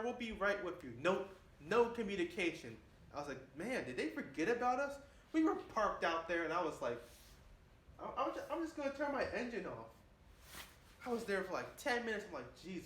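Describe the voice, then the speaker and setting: A man's voice: high voice, a bit bright. A man in his twenties rambling boastfully in a casual monologue, often saying "man". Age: 20s. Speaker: vlogger. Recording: echoey room with faint hiss.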